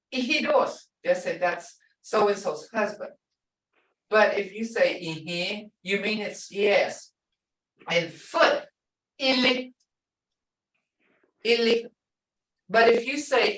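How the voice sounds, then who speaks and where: Older lady teacher drilling words real slow, kinda far from the mic, roomy echo. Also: medium pitch, a bit bright. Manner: slow, repeats each word to drill pronunciation. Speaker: language instructor. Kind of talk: online language class. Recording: echoey room, voice from off the mic.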